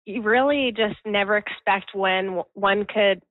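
A woman's voice: mid-range voice, measured pace, no echo. Woman chatting over a tinny phone line. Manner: chatty, laughs between sentences. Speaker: interviewee, family business worker. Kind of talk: phone interview, recounting an event.

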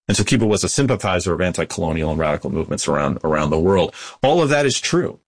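Male academic guest, very low voice, dry close sound, measured explainer. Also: sing-song, no room sound. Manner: measured, explanatory, with frequent restarts. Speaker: guest historian. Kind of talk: interview answers.

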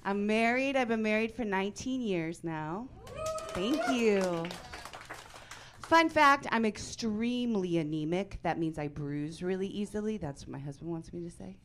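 A woman in her forties performing a stand-up comedy set on a club stage, deadpan with sudden loud punchlines. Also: mid-range voice, unhurried, noisy background.

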